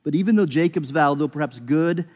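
An earnest man preaches with a slightly raised, higher-than-usual pitch, explaining a text step by step and pausing to correct himself. His voice rings out with a long hall reverb around it. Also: darkish tone, highs cut off. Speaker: pastor. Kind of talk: sermon.

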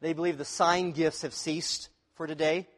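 A pastor giving a sermon in a conversational way, asking the congregation questions. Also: male voice, fairly high pitch, level tone, moderate pace, long reverb tail.

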